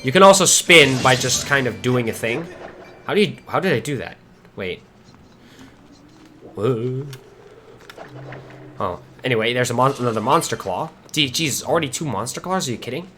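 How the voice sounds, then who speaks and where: A man giving excitable, casual commentary while streaming a game, often swearing and laughing. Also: mid-range voice, moderate pace, pauses often, a little hiss or hum.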